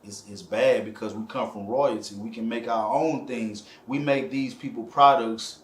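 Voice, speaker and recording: A man's voice: mid-range voice, steady tone, moderate pace. A man being interviewed who talks in a rambling way, with lots of fillers. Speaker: interview guest. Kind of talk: casual interview talk. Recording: echoey room with faint ambience.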